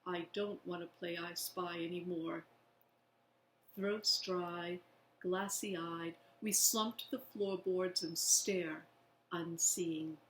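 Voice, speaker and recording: A woman reading a children's book aloud in a slow, expressive way. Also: lowish voice, slight background noise. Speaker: reader. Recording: echoey room.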